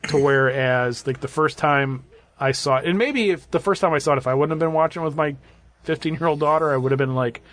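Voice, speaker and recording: A man's voice: on the high side, brisk, fairly bright tone. A man in his thirties or forties, a podcast co-host reviewing a horror film in a rambling, casual way with lots of fillers and restarts. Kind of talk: casual movie review chat.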